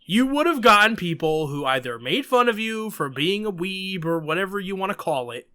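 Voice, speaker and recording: A New York man hosting a podcast, his high, bright voice swinging up and down as he talks. He is emphatic and animated, and he throws in sarcastic asides in casual chat. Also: normal speed, clear, resonant tone. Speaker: podcast host.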